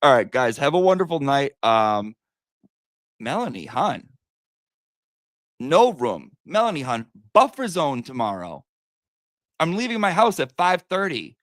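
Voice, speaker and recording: A man hosting a casual livestream chat, talking in a chatty, profane way with big swings in pitch. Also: big pitch swings, measured pace, pauses often, fairly bright tone, no echo, studio quality. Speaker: livestream host.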